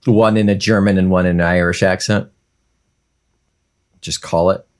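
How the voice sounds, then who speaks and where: A man's voice: sits low, fairly even intonation, moderate pace. A man co-hosting a podcast, chatting casually and joking with frequent laughs. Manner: giggly, joking banter. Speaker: podcast co-host. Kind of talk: casual chat.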